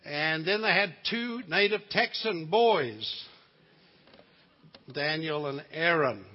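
A man's voice: a little high, expressive, takes it slowly. An older man with a New Zealand accent preaching a sermon as a guest preacher, telling stories with humor and asides. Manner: folksy storytelling with asides and humor. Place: church sanctuary. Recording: lo-fi sound in a reverberant church.

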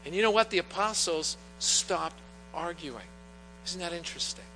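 A middle-aged pastor delivers an earnest, story-driven sermon in a bright, ringing voice pitched a little high. His words echo through a church with long reverb, and a faint mains hum sits underneath. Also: lively intonation, normal speed. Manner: earnest, storytelling with personal anecdotes. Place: church sanctuary.

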